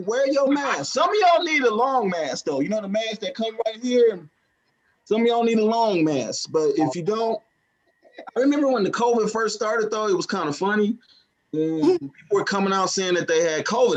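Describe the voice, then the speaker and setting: High, lively man doing stand-up. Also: normal speed. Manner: playful, teasing the audience. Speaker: comedian and emcee. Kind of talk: live stand-up comedy.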